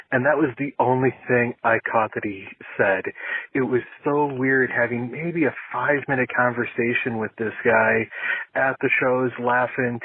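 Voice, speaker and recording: Man, caller, voice message, phone-line sound, flat delivery, husky, rambling story. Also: medium pitch, dry recording.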